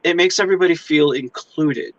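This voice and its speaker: A man hosting a casual interview chat, excitable and swearing, acting out little voices with big pitch jumps. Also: brisk, dry recording, muffled recording. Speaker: host.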